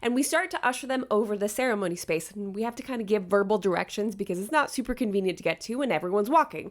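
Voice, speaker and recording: A woman wedding planner telling a story to camera in a chatty, animated vlog style with lots of asides. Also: medium pitch, quick pace, few pauses.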